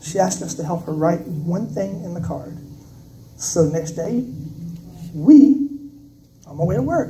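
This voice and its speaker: An author from South Carolina gives a casual, joking talk about his writing, telling personal stories with conversational asides. His high-pitched, mellow voice has lively intonation, and he speaks unhurriedly with frequent pauses. The recording, made indoors at an event venue, is roomy, noisy and distant-miked.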